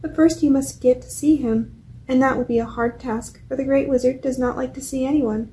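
A woman's voice: high-pitched, fairly even intonation, brisk, mellow, slight background noise, natural voice, low-quality recording. A woman reading as a talkative country farmer. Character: curious country farmer man, friendly and talkative.

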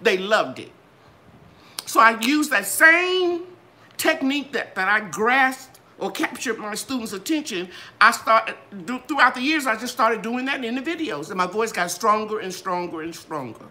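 Lively sing-song older woman host. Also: moderate pace, few pauses. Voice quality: bright, trained singer's voice. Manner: animated, sing-song ups and downs in pitch. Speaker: gardening channel host. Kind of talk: live Q and A chat.

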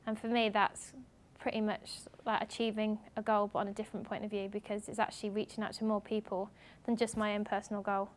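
A young woman from England giving a lively talk to students at a university as a guest speaker, acting out what other people said as she tells her stories. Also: mid-range voice, quick pace, hardly any pauses. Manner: animated storytelling, acting out others' lines. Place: university lecture room.

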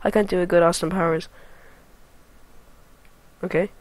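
A woman giving gameplay commentary, excitable and foul-mouthed, with loud sudden yelps and shouts between muttered remarks. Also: fairly low pitch, normal speed, pauses often, no room sound, low-quality recording. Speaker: let's play gamer.

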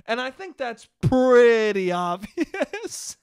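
A young man with a high, light voice rants alone on his podcast, swearing freely and cracking himself up. The sound is dry and close, with no room around it. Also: slow pace, clean tone, no room sound. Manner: profane, animated, laughs at his own jokes. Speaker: podcast host. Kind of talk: solo comedic podcast rant.

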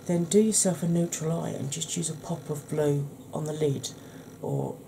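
A woman with a husky, croaky voice hosts a soft-spoken ASMR makeup tutorial, chatting gently to her viewers. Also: low-pitched, normal speed, slight background noise. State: husky, croaky voice from a sore throat.

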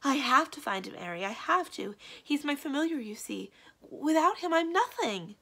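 A woman reading aloud and voicing a gentle, anxious young witch woman in a breathy, high voice. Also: animated, normal speed, exaggerated voice. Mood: distraught. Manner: breathy, hushed, then pleading.

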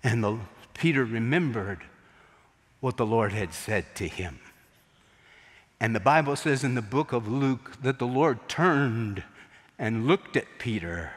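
A man's voice: mid-range voice, expressive, unhurried, big-room sound. A man preaching a sermon as a pastor, telling the story dramatically and acting out the quotes.

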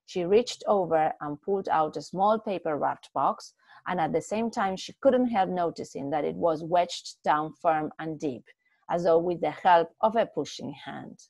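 A woman reading a short story aloud in a steady, expressive way, with a few small slips. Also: lowish voice, measured pace, vocal fry, no echo. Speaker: story reader.

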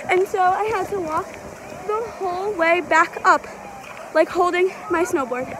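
A young woman talking to camera in a casual travel vlog, chatty and excitable, with lots of "um" and "like". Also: extremely high pitch, moderate pace, background noise. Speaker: vlogger.

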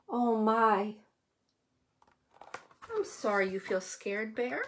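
A woman reading a picture book aloud to young children, gentle and expressive, stopping to comment on the pictures and ask the kids questions. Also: fairly high pitch, extremely slow, long pauses. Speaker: children's story reader.

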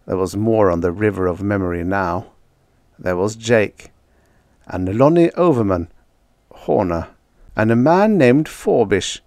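A man with a low voice narrates a vintage science fiction audiobook in a measured, steady way, lifting his delivery at tense moments. The recording is close and dry, with no room sound at all. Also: dry recording. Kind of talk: scripted story narration.

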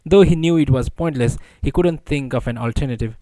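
A man's voice: mid-range voice, a little fast, dark tone, dry recording, poor audio. Man narrating an audiobook.

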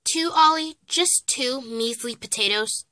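Woman as a strict scolding mom, high bright voice, lively sharp commands. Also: a little slow, dry recording. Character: stern scolding mother of daughters.

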